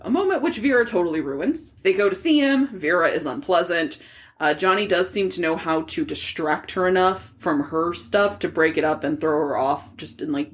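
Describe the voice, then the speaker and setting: A young woman co-hosting a casual book podcast, recapping chapters in a chatty way with plenty of "like" fillers and casual swearing. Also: on the low side. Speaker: podcast co-host.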